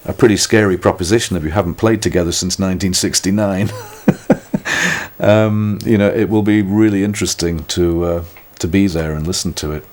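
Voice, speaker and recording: Speaking briskly in a low, steady, slightly mellow voice, an older British musician gives a thoughtful conversational interview. He pokes fun at himself wryly and keeps beginning his sentences again.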